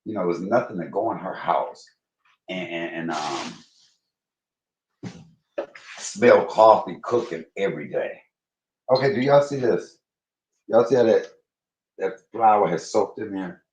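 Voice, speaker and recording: Deep-voiced chatty man cooking on a livestream. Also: unhurried, pauses often. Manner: chatty, swings into high excited bursts, talks to viewers as y'all. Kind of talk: casual livestream cooking chat. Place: home kitchen. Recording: roomy, dull livestream audio.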